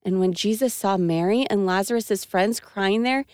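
A woman co-hosting a kids' faith show, bright and encouraging in cheerful scripted chat. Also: medium pitch, normal speed, smooth, no echo, studio quality.

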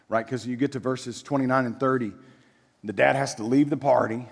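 A man in his forties preaching a sermon in a conversational, animated way, full of rhetorical questions. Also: medium pitch, brisk, creaky, slightly rough. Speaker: pastor. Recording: echoey hall.

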